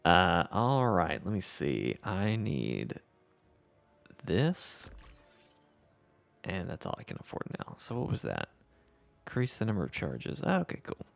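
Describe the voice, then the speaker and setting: A man's voice: deep voice, huge pitch swings, slow pace, creaky, long pauses. A man with a Southern US accent hosting a casual gameplay livestream, reading chat aloud in an easygoing, self-deprecating way. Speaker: livestream host.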